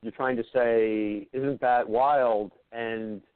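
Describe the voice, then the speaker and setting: A radio host speaks slowly and thoughtfully, pausing on fillers as he sums up his guest's point. His voice is a mid-pitched man's, sounding thin and phone-like. It is dry, with no trace of room echo. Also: fairly even intonation, smooth. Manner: slow, thoughtful, hesitant with fillers. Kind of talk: interview conversation.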